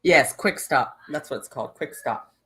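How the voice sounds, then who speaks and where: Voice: medium pitch, lively intonation, moderate pace, fairly bright tone, breathy edge. A channel host in casual livestream chat, talking in a rambling, chatty way with many fillers and asides.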